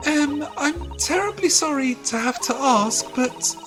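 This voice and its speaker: A woman's voice: high voice, animated, measured pace. A woman voicing a polite young woman assistant who speaks in a prim, formal and earnest way, with game music behind.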